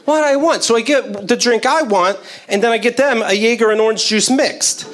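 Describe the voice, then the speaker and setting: A man's voice: sits high, moderate pace, a bit bright. A man doing stand-up comedy, telling stories with laughter and acted-out quotes.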